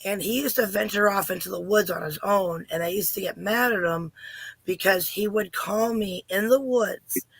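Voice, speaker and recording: A hoarse middle-aged woman, calling in and earnestly telling a personal story, asking questions as she goes. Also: medium pitch, moderate pace, a bit bright, no room sound. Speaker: caller. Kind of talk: casual storytelling.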